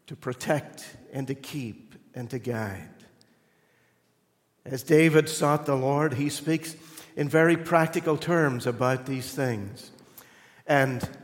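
A man's voice: on the high side, big-room sound. A male pastor preaching a sermon in a conversational, storytelling way, earnest and reflective.

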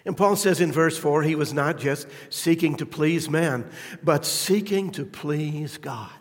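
Male preacher, slow measured delivery, fervent swells and hushed asides, live church hall with long reverb. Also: a little high. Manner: fervent, rising to emphatic peaks then dropping quiet. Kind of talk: sermon.

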